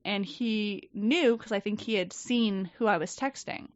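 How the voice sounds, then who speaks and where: A woman telling a story in casual chat, animated and swearing, acting out quoted people. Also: mid-range voice, a little slow, no room sound. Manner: animated, profane, quotes people in lively voices. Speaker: podcast guest. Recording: dull, dry podcast mic.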